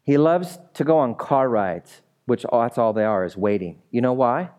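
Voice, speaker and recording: Male pastor, mid-pitched, chatty pulpit delivery that keeps checking in with the room. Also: lively intonation, moderate pace, darkish tone. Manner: conversational, checks in with listeners. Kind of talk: sermon and closing prayer.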